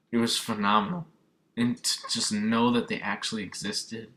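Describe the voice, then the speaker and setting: Reviewing a film casually and emotionally, a young man speaks in a lowish, bright, forceful voice. He sounds earnest and moved, rambling through many fillers and false starts.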